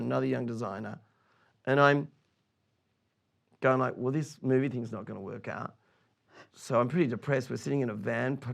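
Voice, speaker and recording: Gravelly man telling lively stories. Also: medium pitch. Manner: lively, laughing, full of restarts. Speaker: film director, interview guest. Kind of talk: animated anecdotal storytelling.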